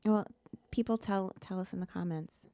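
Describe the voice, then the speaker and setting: A woman's voice: mid-range voice, moderate pace, mellow, dry recording, studio quality. A woman co-hosting a podcast in easygoing, wry casual chat. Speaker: podcast co-host.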